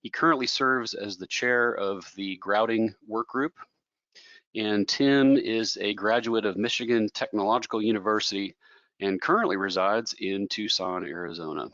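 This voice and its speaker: A man with a fairly low voice opens a webinar, reading housekeeping notes and then the speaker's bio. The sound is dry with no room echo. It is dull and lo-fi, like a web call. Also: moderate pace, fairly bright tone. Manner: reads announcements and a speaker bio. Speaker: webinar moderator introducing the speaker. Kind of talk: scripted webinar introduction.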